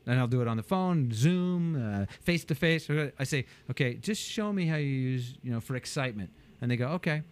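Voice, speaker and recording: A man, a business coach, talking animatedly in an interview and acting out quotes with big jumps in pitch. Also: lively intonation, brisk, few pauses, clean tone.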